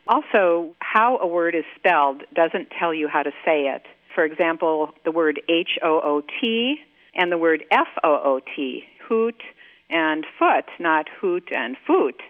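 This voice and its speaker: A woman's voice: low-pitched, dry recording. Woman accent coach on a tinny phone line. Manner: clear, explanatory, demonstrates sounds slowly. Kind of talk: radio interview guest.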